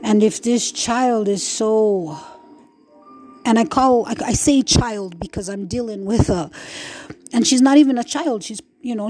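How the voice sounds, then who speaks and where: A middle-aged woman hosting a podcast speaks in a medium-pitched, darkish voice. Her emotional personal monologue is raw, profane and rambling, full of restarts as she talks through her hurt and frustration.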